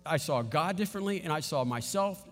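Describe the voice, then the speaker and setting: A man preaching a sermon, animated, acting out little scenes and often laughing. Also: fairly high pitch, fairly quick, long reverb tail. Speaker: pastor.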